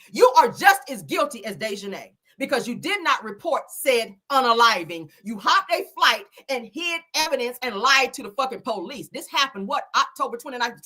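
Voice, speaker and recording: A woman hosting her own casual commentary show, ranting with heat and heavy swearing. Her voice is bright and sharp, a little higher than most. Her pitch swings widely as she gets worked up. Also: husky. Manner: heated, profane, emphatic ranting.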